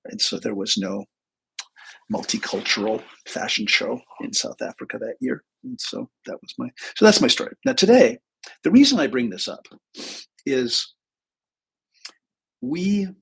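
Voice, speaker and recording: A man's voice: medium pitch, sing-song, normal speed, creaky, fairly bright tone, husky, rough recording. A man in his sixties hosting a live stream, telling a personal story in a candid, rambling way with restarts and the odd swear word. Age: 60s. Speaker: host.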